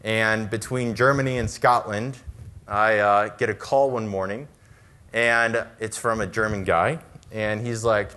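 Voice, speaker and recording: A man's voice: lowish voice, fairly even intonation, bright, forceful tone. American man giving a conference talk. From United States. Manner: conversational, brisk storytelling with fillers. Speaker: conference speaker.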